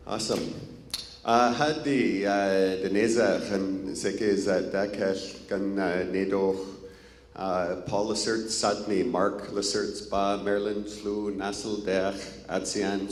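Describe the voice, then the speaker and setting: A man from north central British Columbia introducing himself on a panel, unhurried, with many fillers. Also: sits low. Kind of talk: formal self-introduction. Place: conference hall. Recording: echoey hall, faint room noise.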